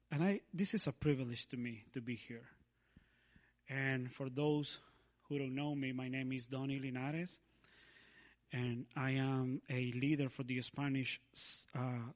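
A man preaching a sermon as a guest in a church, speaking haltingly with frequent restarts and laughs. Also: medium pitch.

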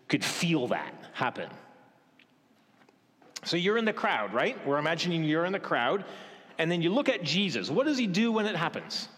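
Guy preaching a sermon, lots of questions, goes quiet and soft sometimes, long church echo. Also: fairly high pitch. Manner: questioning, dramatic pauses, softens to a hush for gentle moments. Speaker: pastor. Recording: reverberant church hall.

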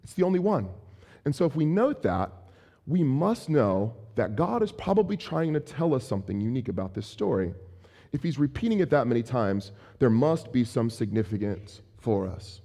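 A man in his thirties preaching a sermon as pastor, conversational and animated, with playful asides. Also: medium pitch, moderate pace, creaky.

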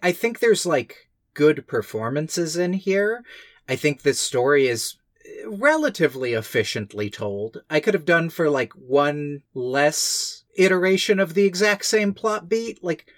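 A man co-hosting a casual film-review podcast, weighing a movie's strengths and faults in a measured way with "like" and "uh" fillers. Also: fairly high pitch, sing-song, no room sound, clean studio sound. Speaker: podcast co-host reviewing films.

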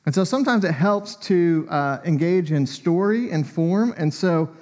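A man's voice: a little high, expressive, moderate pace, darkish tone. A man preaching a sermon in a conversational, storytelling way, often with a light chuckle.

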